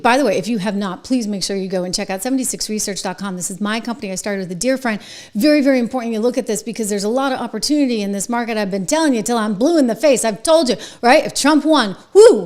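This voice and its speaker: A woman hosting an opinion commentary show, talking emphatically and excitably in a chatty way. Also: medium pitch. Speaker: show host.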